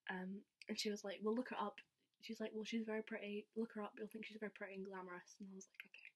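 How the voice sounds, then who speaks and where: A young woman chatting to camera, telling a story with a steady mid-pitched voice. She fills her talk with "like" and acts out what people said. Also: quick pace. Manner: chatty, says "like" all the time, acts out quotes. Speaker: vlogger. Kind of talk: casual storytelling.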